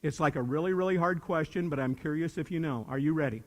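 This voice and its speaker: An older man giving a live motivational talk to young people, animated and swinging between loud bursts and hushed asides. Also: a little high, fast talker. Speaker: motivational speaker. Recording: reverberant hall.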